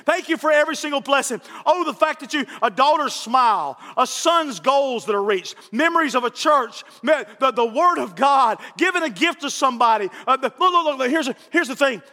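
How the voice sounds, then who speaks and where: A man's voice: very high voice, expressive, normal speed, hardly any pauses, pushed and bright. A man preaching a sermon fervently, often repeating himself and raising his voice. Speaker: pastor. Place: church sanctuary. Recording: reverberant church hall.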